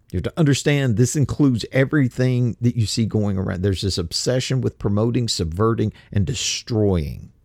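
A man with a darkish voice hosts a talk show, giving an impassioned, indignant and mocking monologue that climbs to heated, emphatic peaks before dropping low and slow. The sound is clean studio quality with no room sound.

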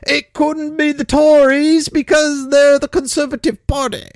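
A man's voice: very high voice, level tone, measured pace, no room sound, clean studio sound. A man delivering a sarcastic, mocking opinion monologue as a political commentator.

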